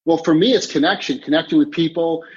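A fast-talking time coach gives a motivational interview, stressing his message through emphatic repetition of key phrases. His voice sits a little high, he clears his throat and sounds choked up, and the muffled, lo-fi sound resembles a remote call.

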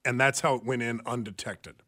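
A man's voice: mid-range voice, fairly even intonation, fairly quick, sharp tone. A man co-hosting a talk radio show, speaking earnestly with frequent fillers. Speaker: radio co-host. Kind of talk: talk radio news commentary. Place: radio studio.

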